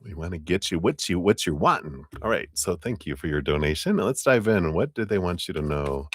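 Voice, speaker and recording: A man giving a live-stream tarot reading, chatty and easygoing, chuckling often and clearing his throat between remarks. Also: low-pitched, lively intonation, brisk, slight background noise. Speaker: tarot reader.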